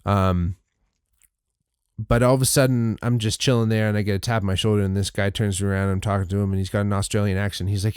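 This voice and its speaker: A man's voice: fairly low pitch, little pitch movement, quick pace, darkish tone, clear, resonant tone, no room sound, clean studio sound. A male podcast host casually recounting a festival weekend, rambling with frequent restarts, fillers and swearing. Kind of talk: casual solo recap.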